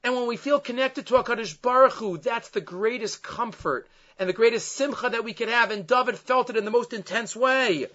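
A man's voice: sits high, pushed and bright. A man giving a Torah lecture as a rabbi, telling it with animation and weaving Hebrew verses into his English explanation. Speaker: rabbi teaching a class. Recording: dull lo-fi recording.

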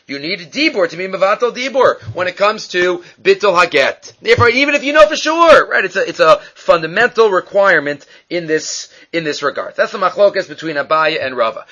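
A man's voice: high voice, pushed and bright, muffled recording. A man teaching a Talmud class, asking and answering his own questions as he explains.

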